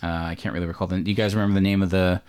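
A man from Canada talks through a film in a loose podcast chat, filling pauses with ums and restarting sentences. His voice sits on the low side. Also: little pitch movement, a little mellow, clear, resonant tone. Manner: rambling, many fillers and self-corrections. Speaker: podcast host. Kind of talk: casual movie discussion.

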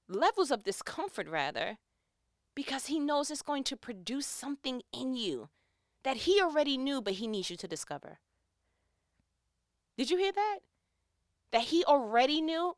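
Woman, New York accent, faith talk, animated, laughing, dry close sound. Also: medium pitch, clean tone, dry recording. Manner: animated, laughing, acts out quotes.

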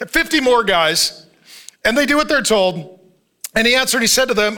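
A man's voice: very high voice, very animated, a little fast, bright, forceful tone. A male pastor preaching a sermon, telling the story with jokes and frequent laughter.

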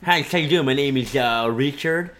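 A man's voice: mid-range voice, normal speed, a bit bright, natural voice. A man putting on the voice of a nerdy young male gamer who talks with a lisp. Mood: excited. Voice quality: lisping.

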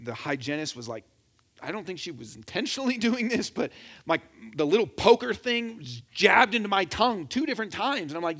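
A man's voice: high-pitched, brisk. A man preaching a sermon in a conversational, joking way, acting out little quotes as he goes. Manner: animated, conversational with jokes and acted quotes. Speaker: pastor.

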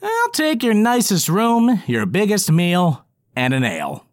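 A man voicing a scrappy little male goblin adventurer in a high, squeaky, excitable voice. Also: measured pace, no room sound, clean studio sound, full character voice. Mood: cocky.

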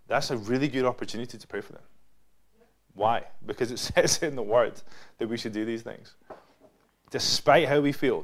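Scottish male pastor, mid-pitched voice, easygoing chatty sermon delivery. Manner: casual, chatty preaching with frequent "right?" and "yeah?". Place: church building.

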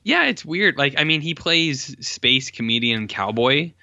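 A man chats loosely on a podcast, his voice bright and forward, circling back with fillers and corrections as he goes. The recording is dry and close, with a slightly dull, lo-fi sound. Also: mid-range voice, lively intonation, unhurried, gravelly, dry recording. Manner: rambling, lots of "like" fillers and self-corrections. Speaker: podcast co-host reviewing films. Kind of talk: casual chat.

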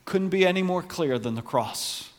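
A man's voice: high-pitched, lively intonation, moderate pace, long reverb tail. A man preaching a sermon in an earnest way that rises to passionate emphasis. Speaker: pastor.

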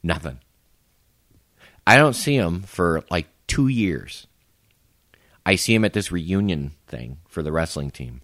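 A man with a low voice spins a story in casual podcast chat, his pitch leaping around as he goes. He swears freely and leans on dry sarcasm. The sound is close and dry, with no room around it. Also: animated, a little slow, pauses often, a bit bright, no room sound. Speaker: podcast co-host.

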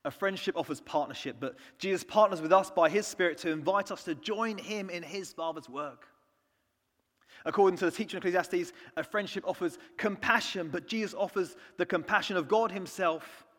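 A man from the United Kingdom preaching a sermon, earnest, moving between soft hushed lines and emphatic ones. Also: on the high side. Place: church. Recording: long church reverb.

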